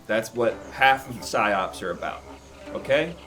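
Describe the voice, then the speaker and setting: A man's voice: lively intonation, unhurried, a bit bright, soft background music. A man performing improvised comedy as a rude, profane male golfer who brags about working for the CIA. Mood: irritated. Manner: brash and profane, low mutter.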